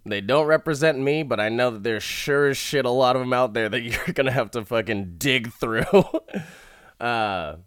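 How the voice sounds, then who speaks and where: A man's voice: medium pitch, moderate pace, fairly bright tone, clean tone, no echo, clean studio sound. A man casually recapping an episode with heavy swearing and frequent laughter. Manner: profane, laughs often while talking. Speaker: show recap host.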